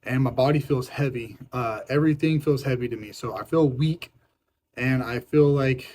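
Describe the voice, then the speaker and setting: Man, young adult, hungry and irritable, casual vlog, frank and repetitive, mellow dark tone, mid pitch. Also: moderate pace, a little hiss or hum, rough recording. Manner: frank, rambling, repeats himself. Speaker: fitness vlogger on a diet. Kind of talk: casual vlog talk to camera.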